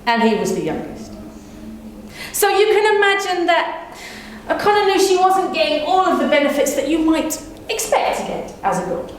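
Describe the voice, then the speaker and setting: A woman's voice: very high voice, big pitch swings, normal speed. Playful woman telling a story live. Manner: playful, teasing the audience. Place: small venue with audience. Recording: echoey room with faint hum.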